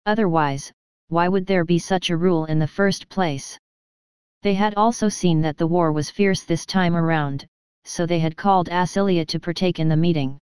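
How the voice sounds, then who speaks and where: A woman narrating an audiobook in a steady, even storytelling manner. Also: lowish voice, normal speed, smooth, no echo. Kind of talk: scripted narration.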